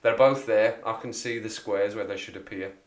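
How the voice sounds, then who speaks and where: West Midlands bloke hosting a chatty live stream, rambling, laughs a lot, lowish voice. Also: male voice, steady tone, normal speed. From Wolverhampton area, England. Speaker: livestream host. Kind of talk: casual livestream chat.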